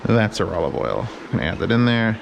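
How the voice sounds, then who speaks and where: A man's voice: fairly low pitch, very animated, fast, vocal fry, lo-fi sound, noisy background. A man hosting a casual cooking vlog from his home kitchen, rambling and joking with plenty of swearing as he works. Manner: joking, profane, rambling commentary. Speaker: home cook host.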